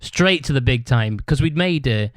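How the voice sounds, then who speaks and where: A man's voice: mid-range voice, lively intonation, normal speed, dry recording. Sweary, rambling man telling a story. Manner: rambling, swears constantly, tags lines with "right?". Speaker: podcast host. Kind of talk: casual storytelling monologue.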